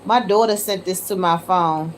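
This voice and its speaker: Speaking at normal speed in a fairly low voice, a woman chats casually with viewers on a phone livestream. She calls them y'all and is given to exclamations of disbelief, with a bit of hiss or hum underneath.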